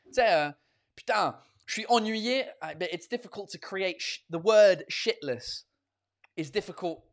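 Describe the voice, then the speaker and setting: A male host chats casually with viewers, moving between English and French in an animated, freely profane style with lots of fillers and restarts. His voice is high and his speed normal.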